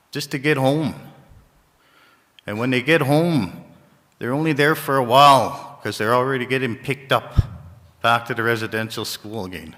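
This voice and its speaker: A man's voice: medium pitch, pushed and bright. Heartfelt man speaking in an echoey gym. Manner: halting, heartfelt, repeats phrases. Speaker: First Nations community leader. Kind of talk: ceremony speech. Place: large gymnasium. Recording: echoey gymnasium reverb.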